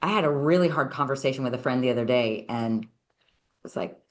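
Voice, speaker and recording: A woman's voice: a bass voice, brisk. A woman hosting a podcast, talking in an earnest, personal way and affirming her guest. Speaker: podcast host. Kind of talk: casual conversational interview.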